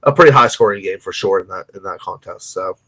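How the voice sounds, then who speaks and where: A man's voice: sits low, quick pace, bright, forceful tone, breathy edge. A man co-hosting a sports betting podcast, talking casually in a rambling, hedging way with frequent restarts. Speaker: podcast co-host.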